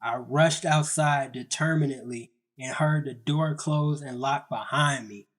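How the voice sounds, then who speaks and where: A man's voice: medium pitch, unhurried. A young man narrating a comedy story in a casual, slangy, self-mocking way.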